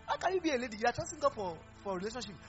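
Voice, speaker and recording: Pastor, male, animated sermon delivery, swoops high and low. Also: rapid-fire. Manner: animated, mixing Pidgin, laughing and exhorting. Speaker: preacher. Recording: dull lo-fi recording with faint music.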